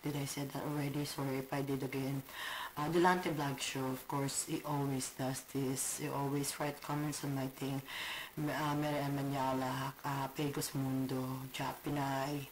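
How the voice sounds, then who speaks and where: Brief: Filipino woman, congested, casual vlog delivery, halting, low-pitched. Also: flat delivery, a little hiss or hum, low-quality recording. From Philippines. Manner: halting, frequent restarts. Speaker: vlogger.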